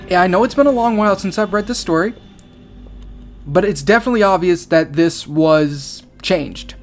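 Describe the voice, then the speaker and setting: A man's voice: high voice, moderate pace, over music. A man commenting on a horror story as he reads it aloud, exasperated and sarcastic, swearing often.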